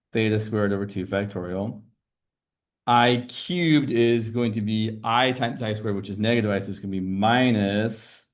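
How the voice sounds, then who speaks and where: Relaxed man lecturing a math class. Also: fairly low pitch. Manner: explains step by step while writing on a board, relaxed and conversational. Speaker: math teacher.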